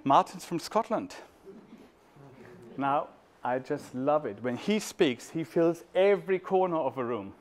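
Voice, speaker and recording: A man's voice: fairly high pitch, lively intonation, measured pace. A man in his fifties from Germany with a German accent, telling stories in a playful talk to an audience. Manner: playful, warm storyteller, sings snippets. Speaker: speaker at a talk. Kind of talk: storytelling talk.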